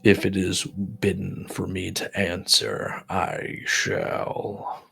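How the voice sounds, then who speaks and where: Give me a man doing a wheezing ghoul of fused bodies, deep and ceremonious, in a tabletop game. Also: animated, creaky, fairly bright tone, slightly rough, soft background music, heavily acted. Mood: solemn. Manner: slow, formal speech.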